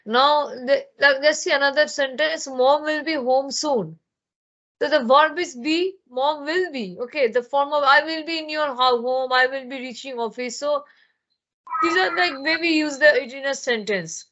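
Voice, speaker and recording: A woman's voice: high voice, normal speed, sharp tone, muffled recording. A woman from Bengal, teaching an online grammar lesson and explaining with many fillers and restarts. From Bengal, India. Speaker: spoken English teacher. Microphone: laptop microphone.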